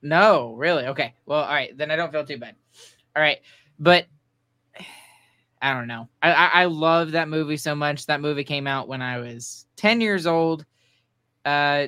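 A man's voice: a little high, pushed and bright, clear, resonant tone, dry recording, studio quality. A young man hosting a podcast in casual chat, rambling loosely and laughing easily. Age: young adult. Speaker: podcast host.

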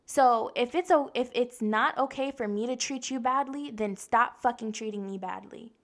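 A woman's voice: on the high side, normal speed. A young woman hosting a casual self-help podcast, blunt and profane, talking straight to her listeners and acting out the voices she quotes. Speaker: podcast host.

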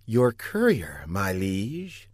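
A man's voice: lowish voice, wildly swooping pitch, extremely slow, no echo, clean studio sound, heavily acted. A man doing a cold, sneering female agent. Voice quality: cold, commanding.

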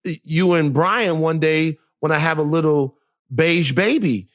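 A man co-hosting a podcast, chatting casually and telling stories in a joking, animated way. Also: a little high, measured pace. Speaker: podcast co-host. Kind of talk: casual chat.

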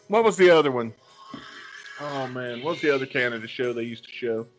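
A man's voice: mid-range voice, animated, a little slow, long pauses, soft background music, low-quality recording. A man co-hosting a podcast in casual chat, with loose, profane, laughing banter over a video call. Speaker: podcast co-host.

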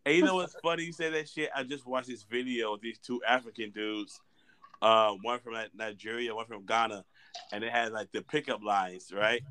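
A man's voice: medium pitch, steady tone, normal speed, bright, forceful tone, clean tone. A man co-hosting a casual podcast chat, telling loose, crude, joking stories. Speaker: podcast co-host.

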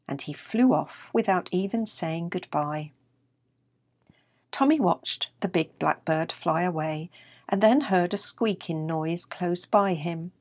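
A woman's voice: lowish voice, no echo. Older woman reading a children's story. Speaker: storyteller, author.

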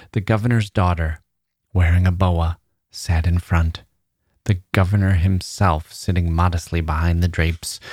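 A man narrating a classic short story in a measured audiobook reading, dropping to a soft whisper at tender moments. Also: low voice, no room sound, clean studio sound.

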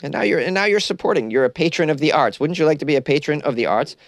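A man's voice: fairly high pitch, expressive, quick pace, dry recording, studio quality. A young man hosting a comedy podcast from a closet, rambling loosely and mocking himself while caffeinated and stoned.

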